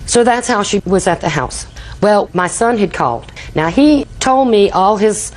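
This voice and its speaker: Husky older woman telling a long story. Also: mid-range voice, animated, a little slow, rough recording. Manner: rambling storyteller, acts out quoted dialogue. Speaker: litigant. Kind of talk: courtroom testimony. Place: TV courtroom.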